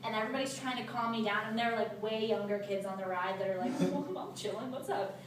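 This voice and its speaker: A young woman casually telling a funny story to a small group, animated and laughing, with many fillers. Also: mid-range voice, quick pace, noisy background. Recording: roomy, distant mic, faint ambience.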